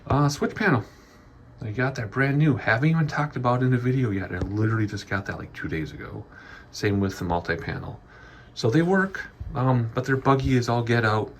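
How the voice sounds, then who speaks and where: A man's voice: medium pitch, animated, brisk, a little hiss or hum. A man giving a chatty, rambling tour of his home office studio, a little out of breath. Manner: rambling, chatty, frequent ums. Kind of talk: casual walkthrough vlog.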